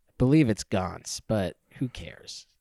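A man's voice: fairly low pitch, animated, unhurried, vocal fry, dark tone, dry recording, studio quality. A man co-hosting a podcast, chiming in with wry, sardonic quips in casual banter. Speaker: podcast co-host.

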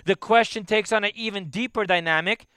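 A man teaching a Torah class, emphatic and repetitive, dropping to quiet asides. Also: high voice, fairly quick, clean tone, no echo, studio quality. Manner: emphatic, repeats key phrases, drops to quiet asides.

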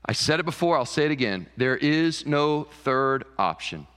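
A man's voice: medium pitch, lively intonation, moderate pace, fairly bright tone, smooth. A man preaching a sermon as pastor, emphatic, repeating key phrases. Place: church sanctuary. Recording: church hall reverb.

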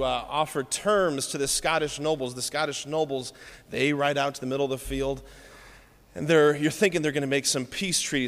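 A man preaching a sermon, telling stories with lively, playful asides to the congregation. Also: a little high, big-room sound.

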